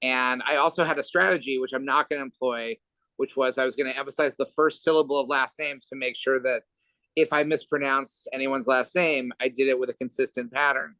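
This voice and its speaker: A man's voice: mid-range voice, steady tone, a little fast, bright, forceful tone, no echo, rough recording. Guy moderating a panel on a video call, dry close sound, rambly and wry. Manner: rambling, self-deprecating asides.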